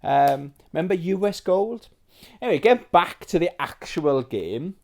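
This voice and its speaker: A man's voice: on the high side, normal speed. Chatty, rambling British man in his forties. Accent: British English. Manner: rambling, chatty, with many fillers and asides; excitable and sentimental. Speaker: retro game collector host. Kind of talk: casual nostalgic show-and-tell.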